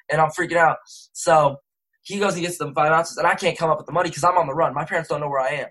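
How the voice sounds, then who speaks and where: A man's voice: on the high side, very fast, a bit bright, low-quality recording. A young man, a rapper and interview guest, telling a rambling casual story full of slang and self-corrections. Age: young adult.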